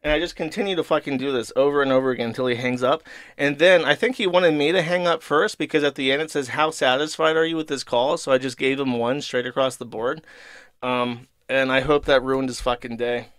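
An irritated man rants to his audience, swearing freely and getting sarcastic as he tells a story. His voice is smooth and clear, at an ordinary pitch for a man. The sound is dry and close, with no room around it. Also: fairly quick, fairly bright tone, no echo. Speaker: streamer host. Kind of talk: casual ranting monologue.

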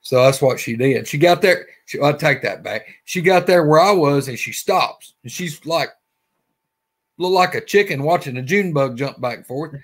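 A guest with a Southern Alabama accent tells a story casually, rambling, folksy, and repeating himself. His voice is fairly high with lively intonation, at a moderate pace.

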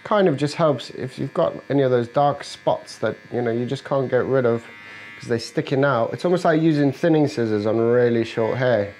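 A man's voice: mid-range voice, normal speed, few pauses, darkish tone, slight background noise, low-quality recording. A man, a barber, talking through a haircut in an easy, instructive way and joking with his client. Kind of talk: narrating a haircut while working. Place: barbershop, indoors. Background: electric clippers buzzing.

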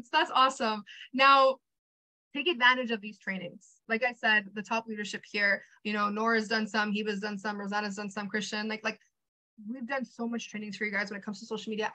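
A young woman with a high, bright voice gives a motivational training to her team. She talks in an energetic, chatty way, full of fillers and quick asides, and she rallies her listeners directly. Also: rough recording.

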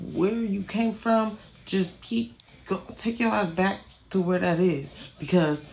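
A woman's voice: on the high side, vocal fry. A young woman telling a storytime in a casual, irritated rant, blunt and heavily profane, repeating phrases for emphasis.

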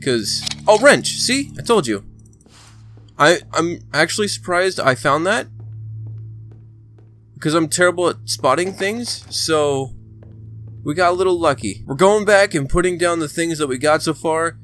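A man giving casual let's play commentary, excitable and talking to the game character, sometimes breaking into shouts. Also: fairly high pitch, unhurried, pauses often, faint music behind. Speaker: gaming channel host.

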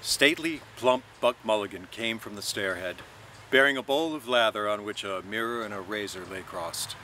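A man reading a novel aloud in measured, expressive narration. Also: fairly low pitch, a little hiss or hum. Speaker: reader.

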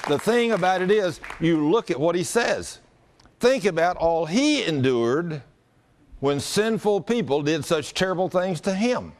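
A pastor telling a story in a sermon, folksy, animated and often chuckling. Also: male voice, mid-range voice.

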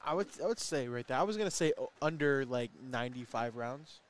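A man's voice: medium pitch, expressive. A man doing casual, joking commentary on a cornhole match while he has the hiccups. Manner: chatty, joking, quick asides about the play. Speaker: play-by-play commentator.

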